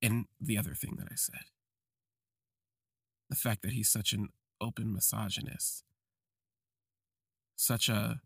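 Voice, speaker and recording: Husky, gravelly man telling a confession. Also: on the low side, steady tone, fairly bright tone, no echo, studio quality. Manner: slow, halting, reflective phrasing. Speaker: podcast host. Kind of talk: confessional first-person storytelling.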